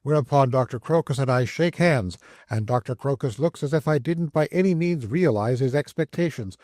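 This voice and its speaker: A man reading a classic travel memoir aloud as an audiobook narrator, in measured, descriptive storytelling. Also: mid-range voice, darkish tone, no echo, studio quality.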